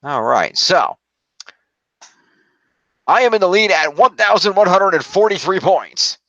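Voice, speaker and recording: A man's voice: high voice, very animated, a little slow, a bit bright, dry recording. A man co-hosting a casual podcast, reading out scores with a dry, sarcastic manner. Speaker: podcast co-host. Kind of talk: casual chat.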